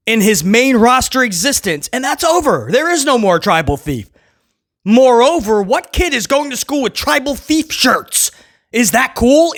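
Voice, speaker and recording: A man reviewing a wrestling show in casual, sarcastic commentary. His pitch swings widely as he mocks and chuckles at his own jokes. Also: fairly bright tone. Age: adult who was a kid in the late 1990s.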